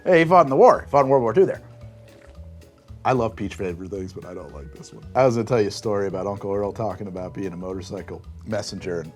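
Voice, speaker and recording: A man hosting a casual drink tasting review, wry and deadpan with frequent laughs. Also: on the low side, fast talker, soft background music. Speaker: host.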